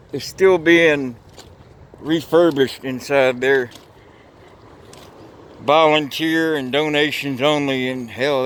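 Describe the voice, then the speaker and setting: Rambling folksy male vlogger outdoors on a camera mic, unhurried, slightly high-pitched. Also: a little hiss or hum. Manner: rambling, folksy, swears casually. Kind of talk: casual outdoor vlog narration. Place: outdoors by railroad tracks.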